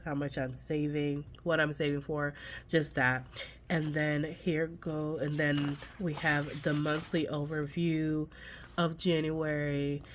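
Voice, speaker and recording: A budgeting channel host, congested and under the weather, chats casually and folksily with viewers as she sets up her budget binder, speaking straight to them. Her voice is deep and nasal, with a little hiss or hum in the recording.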